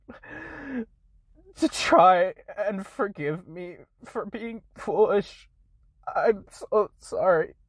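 Young woman creator, higher voice, slow and halting, shaky and close to tears, dry close sound. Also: slightly rough, no echo. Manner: halting, breaks off and restarts, repeated apologies. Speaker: content creator. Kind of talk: tearful apology video.

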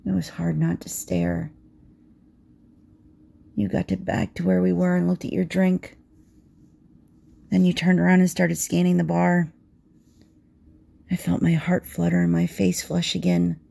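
A woman telling an intimate second-person romance story in a soft voice that slips into whispers. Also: low voice, gravelly.

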